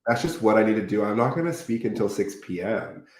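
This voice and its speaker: A man's voice: fairly low pitch, lively intonation, fairly quick, a little mellow. A young man co-hosting a podcast, chatting casually about reality TV with playful, sarcastic asides and laughter. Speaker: podcast co-host. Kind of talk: casual chat recapping reality TV. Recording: roomy echo.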